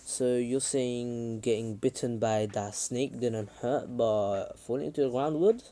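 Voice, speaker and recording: A man voicing a cocky, laid-back teenage boy ninja in an offhand, softly teasing way, close to his own speaking voice. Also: mid-range voice, slow pace.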